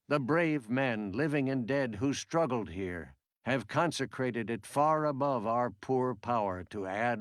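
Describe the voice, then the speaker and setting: Guy reenacting a grave president reciting a memorial speech, measured, dry sound. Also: medium pitch, no echo, lightly acted. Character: solemn male president giving a battlefield memorial speech. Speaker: Lincoln reenactor. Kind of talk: formal recitation of a historic speech.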